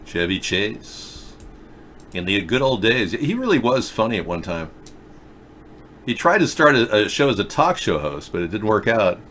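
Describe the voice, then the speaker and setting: A middle-aged man hosts a loose live video chat show, joking and rambling off on sarcastic tangents. His voice swoops up and down, lively and animated, with a faint hum of noise behind it. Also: on the low side, normal speed. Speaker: talk show host reading viewer chat.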